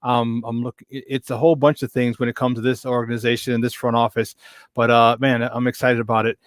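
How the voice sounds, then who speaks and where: A chummy male sports talk host signing off the show with plenty of shout-outs. His voice sits in a middle register and comes through a dry, close mic with no room sound. He talks loosely, repeating himself and adding fillers as he goes. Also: medium pitch, little pitch movement, a little fast, no room sound. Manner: upbeat, chummy, thanks guests and plugs the app.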